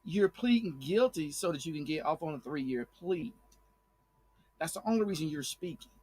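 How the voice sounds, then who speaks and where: An online commentator weighs in on a court case, bluntly and heatedly, repeating himself and restarting sentences to make his point. His voice is fairly high, husky, and darkish in tone, with lively intonation and a moderate pace.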